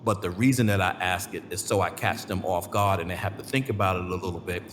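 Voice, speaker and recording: A man's voice: deep voice, quick pace, a bit bright, in a large hall, a little hiss or hum. A man hosting a podcast interview, speaking casually and effusively with slangy praise for his guest. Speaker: podcast host.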